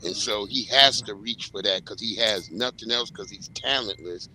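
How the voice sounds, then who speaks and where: A man's voice: lowish voice, normal speed, bright, forceful tone, a little hiss or hum, poor audio. A man in a casual panel talk, heated and blunt, swearing freely.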